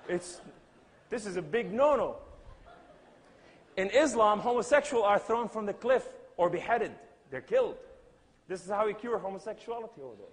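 Guy preaching his testimony, kinda high voice, big dramatic storytelling, echoey hall. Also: expressive, normal speed, pauses often. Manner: dramatic storyteller acting out scenes. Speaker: speaker giving testimony. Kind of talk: sermon-style testimony.

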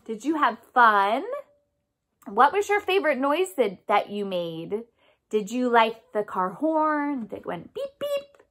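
A young woman leading a remote music therapy session for children, animated and sing-song, making instrument sounds with her mouth. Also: fairly high pitch, takes it slowly.

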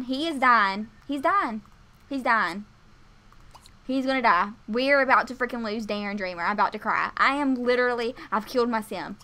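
Young woman, panicked game commentary, stammers, slightly high voice. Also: pushed and bright. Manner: panicked, stammering, talks to viewers. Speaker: gaming video host. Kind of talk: let's play commentary.

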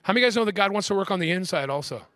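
A man preaching a sermon as pastor, asking the crowd "amen?" and slowing down to stress key words. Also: sits high, expressive, a bit bright, no echo, studio quality. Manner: call-and-response preaching, frequent "amen?".

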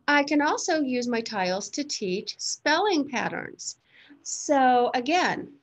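A woman talks through classroom phonics methods at an unhurried, deliberate pace. Her voice sits at an ordinary middle pitch. She breaks each word into separate sounds and rises into an upbeat classroom tone when she speaks to pupils. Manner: slow, deliberate, modeling sounds to children. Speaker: teacher trainer. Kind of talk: instructional demonstration.

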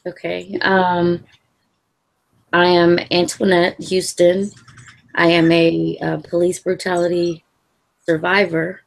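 A woman with a very low voice and a gravelly, creaky texture recounts her own experience in an interview. She speaks calmly and in measured phrases, with the odd soft laugh. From Louisville area, Kentucky. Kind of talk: personal account in an interview.

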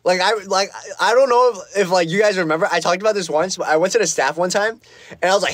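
A man's voice: sits high, quick pace, fairly bright tone, no room sound. A man hosting a casual livestream, reading comments aloud and rambling with many fillers, from a small foam-lined practice room. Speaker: livestream host. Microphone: phone livestream.

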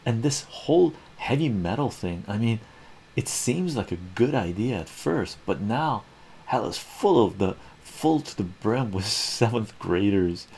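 A man hosting a relaxed ASMR comic reading, laid-back and chuckling often. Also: fairly low pitch, a little slow, a little hiss or hum. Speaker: channel host reading comics.

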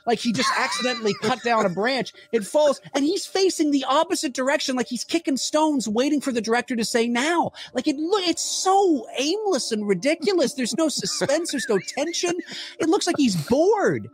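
A man's voice: very high voice, animated, moderate pace. A man, a podcast guest, chatting casually and laughing as he mimics lines from movies.

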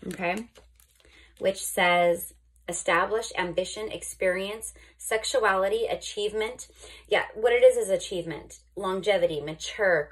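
A woman's voice: on the low side, husky. A woman giving a casual tarot reading to her viewers, chatty and often checking in with "okay?", restarting and correcting herself as she goes. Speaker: tarot reader.

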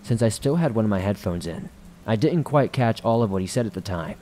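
Low-voiced man narrating horror stories. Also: lively intonation, fairly quick, dark tone, slight background noise. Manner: casual, conversational reading. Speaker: horror story podcast host. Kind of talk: scripted horror story narration.

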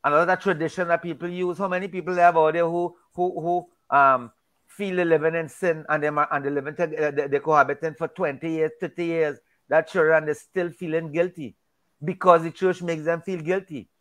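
A man with a slightly higher than usual voice leads a casual Bible discussion, emphatic and preachy, frequently restarting and repeating words. His delivery is flat, fairly quick, and fairly bright in tone.

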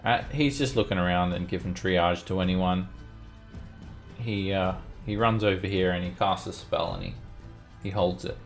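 A man's voice: sits low, normal speed, faint music behind. A man acting as game master, patiently explaining rules and narrating the action of an online tabletop game. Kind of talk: narrating a tabletop game over a live stream.

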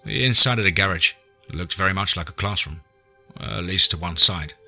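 Deep husky male audiobook narrator. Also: moderate pace, bright, forceful tone, faint music behind. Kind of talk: scripted narration.

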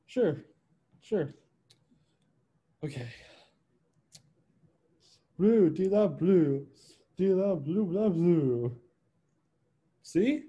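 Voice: medium pitch, expressive, drawn-out words, long pauses, warm tone, dull audio. An amateur performer reading a dim young male actor who is confidently clueless.

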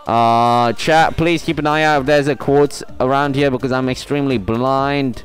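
A young man live-streaming a building game, thinking out loud as he counts and gathers materials. He talks in loose, self-muttering bursts and breaks off to thank and answer his chat. Faint music plays underneath him. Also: mid-range voice, moderate pace, few pauses. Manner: mutters to himself, counts aloud, sings along to music. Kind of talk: casual live-stream commentary while playing.

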